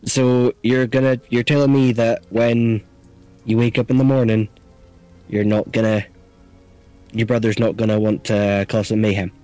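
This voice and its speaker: A man's voice: level tone, moderate pace, mellow. A man playing a tabletop game over a call, stammering and restarting his sentences. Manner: stammering, restarts often, jumps high in pitch. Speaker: player. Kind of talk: casual tabletop game chat with in-character lines. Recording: faint music behind.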